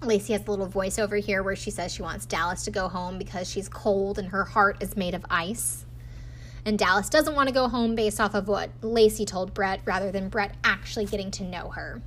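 A woman's voice: medium pitch, a little hiss or hum. Chatty snarky woman recapping a show. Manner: chatty and snarky, acts out quotes in funny voices. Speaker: podcast host recapping a reality dating show. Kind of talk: casual recap chat.

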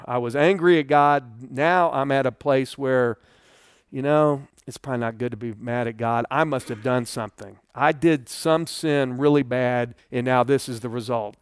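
In a smooth, dry studio recording with clean sound, a middle-aged man leads a Bible study and shares a personal testimony. He's earnest and conversational, his voice swelling with feeling and then dropping low and quiet.

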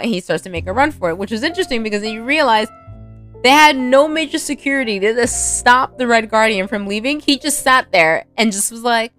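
A woman's voice: on the high side, fairly quick, a bit bright, faint music behind. A woman casually recapping a film, rambling with many fillers and frequent laughter. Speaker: movie recap vlogger.

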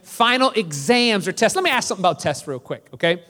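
A man's voice: sits high, sing-song, fast, fairly bright tone. A man preaching a sermon as pastor, joking and conversational with the congregation. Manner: joking, self-deprecating, conversational. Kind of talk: sermon with storytelling. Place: church. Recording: long reverb of a large hall.

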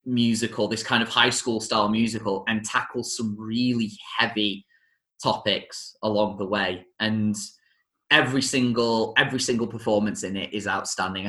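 Guy chatting casually about a musical, bright voice, keeps restarting himself, echoey room. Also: lowish voice. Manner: enthusiastic, with many restarts and self-corrections. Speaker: podcast host reviewing a film musical. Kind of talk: casual chat.

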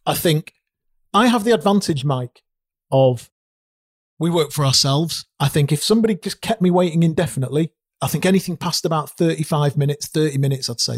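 A man's voice: on the high side, a little fast, slightly rough, no room sound, studio quality. A man co-hosting a casual business talk show, emphatic and repeating words for stress. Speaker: podcast co-host, recruiter. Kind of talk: casual chat.

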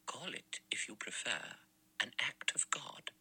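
A man's voice: mid-range voice, big pitch swings, moderate pace, sharp tone, breathy edge, voice pushed up, full character voice, low-quality recording. A man reading an audiobook, voicing a stern, pious elderly spinster who speaks hard and tight-lipped, dropping to a whisper. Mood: hushed righteous.

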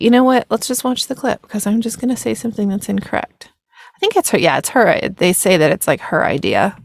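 A woman's voice: on the low side, gravelly, no room sound, clean studio sound. A tired woman hosting a casual film reaction video, rambling, laughing and correcting herself as she goes.

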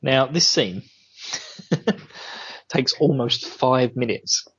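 A man's voice: lively intonation, very slow, a bit bright, husky. A man co-hosting a casual podcast chat on a headset, recapping an episode and laughing often. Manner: giggly, acts out quotes in high voices. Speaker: podcast co-host. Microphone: Bluetooth headset. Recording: dull lo-fi headset audio.

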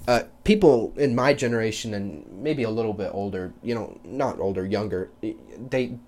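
A young man hosting a solo podcast, ranting bluntly and profanely about kids and school, with loud mocking quotes. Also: on the low side, normal speed. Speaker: podcast host. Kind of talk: casual solo podcast rant.

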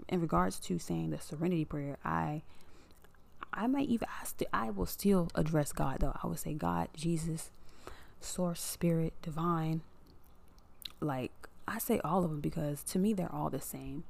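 A woman's voice: lowish voice, creaky, darkish tone. A woman hosting her own podcast, talking casually about boundaries and healing, repeating phrases for emphasis and sometimes dropping to a whisper. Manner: frank, curses casually. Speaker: podcast host. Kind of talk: casual spiritual monologue.

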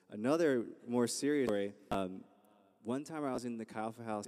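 Low mellow-voiced young man, rambling in a hall. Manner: rambling, storytelling, many fillers. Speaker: campus ministry leader introducing speakers. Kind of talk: casual sermon introduction. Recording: long hall reverb.

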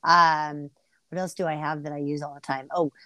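A middle-aged woman co-hosting a casual podcast chat, rambling and animated as she tells stories. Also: low-pitched, moderate pace, no echo. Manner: chatty, rambling, animated storyteller. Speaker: podcast co-host.

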